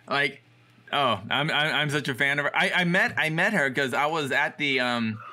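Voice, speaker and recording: Guy rambling through a story on a podcast, bright voice, lots of likes and ums. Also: fairly high pitch, animated, normal speed. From Los Angeles. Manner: rambling, filler-heavy storytelling. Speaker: podcast co-host. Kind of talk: casual chat.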